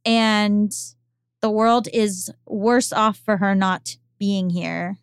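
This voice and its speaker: A woman's voice: medium pitch, steady tone, slow, clear, resonant tone, no room sound, clean studio sound. A woman co-hosting a podcast, talking candidly and rambling with lots of fillers. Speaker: podcast co-host. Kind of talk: casual podcast chat.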